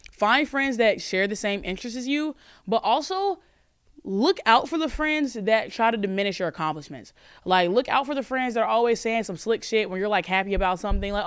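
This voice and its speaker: A woman in her twenties hosting a podcast, chatting casually and answering calls with animated, profane, joking rants. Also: medium pitch, clean tone, no echo, clean studio sound. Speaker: podcast host.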